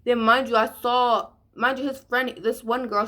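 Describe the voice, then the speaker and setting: A woman's voice: on the high side, moderate pace. Chatty teenage girl, casual story time. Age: teens. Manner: chatty, animated storytelling with slang. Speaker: vlogger. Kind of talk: casual story time during a makeup tutorial.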